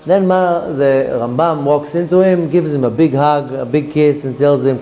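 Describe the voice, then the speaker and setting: Rabbi, higher voice, dark tone. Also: male voice, fairly even intonation, moderate pace, few pauses. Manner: storytelling, acting out characters' lines. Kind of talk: Torah lesson told as a story.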